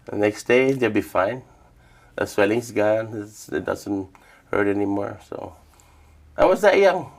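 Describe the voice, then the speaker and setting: An older man from Guam, telling stories of his past in a relaxed, reflective interview. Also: lowish voice, a little slow, vocal fry. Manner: relaxed, reflective storytelling with quoted dialogue. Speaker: interviewee, traditional healer. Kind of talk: casual storytelling interview.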